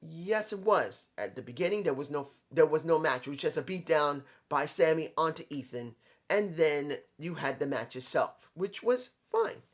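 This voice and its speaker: Man from New York with a New York accent, fairly high voice, blunt and opinionated, casual rambling wrestling recap. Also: expressive, moderate pace. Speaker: wrestling commentator.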